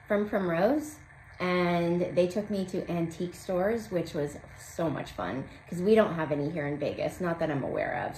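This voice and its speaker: A woman's voice: fairly low pitch, darkish tone. A woman in her forties chatting casually and cheerfully as a craft vlog host, with plenty of ums. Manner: chatty, upbeat, many fillers. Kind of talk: casual chat. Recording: roomy echo, faint background hum.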